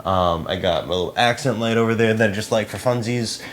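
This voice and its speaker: A man's voice: on the low side, a little fast, a little hiss or hum. Chatty young man muttering through a setup. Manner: chatty, self-deprecating, muttering to himself while working. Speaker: podcast co-host making a behind-the-scenes video. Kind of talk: casual behind-the-scenes vlog. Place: small apartment set up as a studio.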